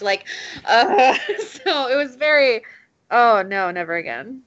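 A young woman telling funny stories in casual chat, animated and quick to break into loud laughter. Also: fairly high pitch, lo-fi sound. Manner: animated storyteller, laughs loudly mid-sentence.

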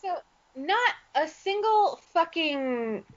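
A woman co-hosting a podcast, telling a story in a lively, laughing way. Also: extremely high pitch, takes it slowly. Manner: animated storytelling with frequent laughs. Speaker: podcast co-host. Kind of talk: casual chat. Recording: dull lo-fi audio.

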